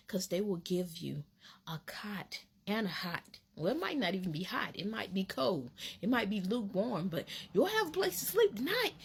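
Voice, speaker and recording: A woman tells a casual storytime. Her voice is husky, and her pitch swings all over the place. She tells it in a dramatic, animated way and laughs along. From Alabama, USA. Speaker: vlogger.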